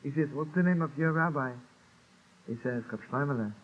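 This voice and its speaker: A man with a fairly high, quick voice tells a Hasidic story, acting out the dialogue and laughing often. It's storytelling talk, captured on a tinny lo-fi archive recording with faint hiss.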